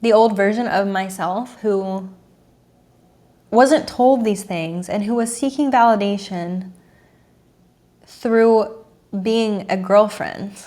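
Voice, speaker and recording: A woman's voice: medium pitch, slow pace, long pauses, mellow. A woman in her thirties, a dating coach, talking earnestly and emotionally to camera, repeating herself and sighing.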